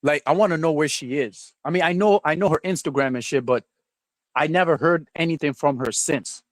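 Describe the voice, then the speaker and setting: A man hosting his own livestream, talking in a loose, meandering way, full of "um"s and restarts. His voice sits a little high for a man. The sound is dry and close, with no room around it. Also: no room sound. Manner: rambling, halting, many fillers and restarts. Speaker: livestream host. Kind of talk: rambling casual stream chat.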